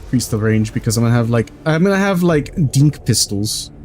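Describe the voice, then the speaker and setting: Animated man chatting through a game stream. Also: mid-range voice, fairly quick, a little hiss or hum. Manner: rambling and jokey, swears freely. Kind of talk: casual chat while streaming a game.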